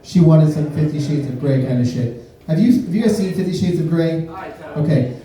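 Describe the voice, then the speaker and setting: A man from Miami doing a stand-up comedy set, deadpan, breaking into sudden high-pitched voices when he acts out quotes. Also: brisk. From Miami, USA. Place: comedy club stage. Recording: roomy club sound from a distance. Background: audience laughter.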